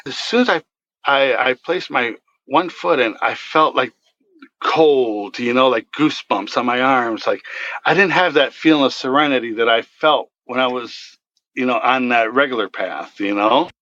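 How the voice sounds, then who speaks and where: A man earnestly telling of a dream in a halting way, with many fillers. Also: mid-range voice, pushed and bright, no room sound, dull audio. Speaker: guest telling his story. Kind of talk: personal storytelling.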